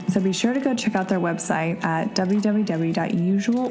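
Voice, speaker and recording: Woman podcast host, chatty and upbeat, slightly gravelly voice, thirties. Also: fairly low pitch, normal speed, few pauses, darkish tone, soft background music. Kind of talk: casual podcast talk and ad reads.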